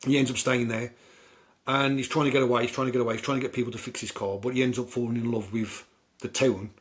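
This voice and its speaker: A man's voice: mid-range voice, steady tone, fast talker. A man with a British accent, hosting a podcast and rambling through film recaps in a loose, chatty way. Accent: British English. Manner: rambling, chatty storytelling with many fillers. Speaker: podcast host. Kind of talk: casual film chat.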